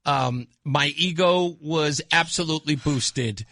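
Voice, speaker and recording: Bright-voiced male radio talk host. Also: on the high side, takes it slowly, vocal fry, no room sound, clean studio sound. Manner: animated storytelling, laughs often. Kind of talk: casual on-air banter. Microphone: studio microphone.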